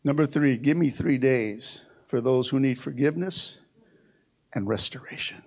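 A male pastor preaching a sermon in a church with call-and-response phrases. He swings between loud exclamations and quiet, low passages, and often laughs. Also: normal speed. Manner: call-and-response preaching, frequent "come on" and "amen"; laughs often, playful asides. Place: church sanctuary.

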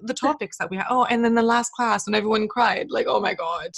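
A woman's voice: on the high side, a little fast, vocal fry. A woman hosting a podcast in casual chat, talking freely, laughing often and acting out little quoted lines. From England. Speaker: podcast host.

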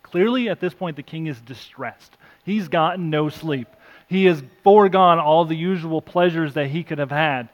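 A man's voice: on the high side, normal speed, muffled recording. Man preaching an earnest sermon. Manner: earnest preaching, rising for emphasis then dropping soft; self-deprecating asides. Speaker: pastor.

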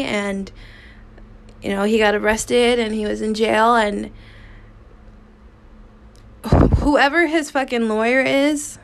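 A woman hosting her own podcast, telling a personal story in a frank, casual way, swearing freely and pausing to restart her sentences. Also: medium pitch, gravelly, smooth. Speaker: podcast host.

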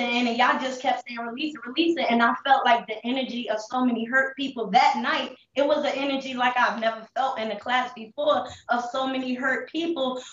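A young woman candidly telling her hard life story in street slang, with halting restarts, holding back tears. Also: on the high side, fairly bright tone, reverberant, recorded from a distance, muffled recording. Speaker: interview guest. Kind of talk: emotional personal testimony.

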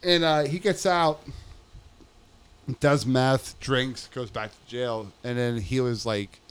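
A man's voice: medium pitch, takes it slowly, clean tone. A young man in casual chat, telling a profane story and acting out the people in it. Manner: profane, animated storytelling with acted-out quotes. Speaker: guest telling stories.

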